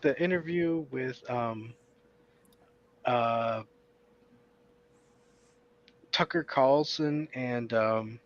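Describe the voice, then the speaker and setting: A man speaking in casual chat, halting often and filling gaps while he searches for words. His voice sits in a middle pitch. The sound is dull and lo-fi. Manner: halting, many fillers.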